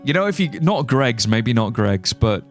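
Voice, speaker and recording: A man's voice: medium pitch, very animated, normal speed, soft background music. A young British man streaming a game, rambling and joking casually and swearing as he reads chat aloud. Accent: British English. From United Kingdom. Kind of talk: casual livestream chat while gaming.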